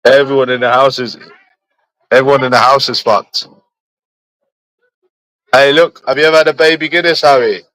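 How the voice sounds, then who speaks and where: A man's voice: medium pitch, steady tone, normal speed, pauses often, sharp tone, dry recording, poor audio. A young man, chatting casually with friends in repetitive, laughing, slangy banter. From London. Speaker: streamer.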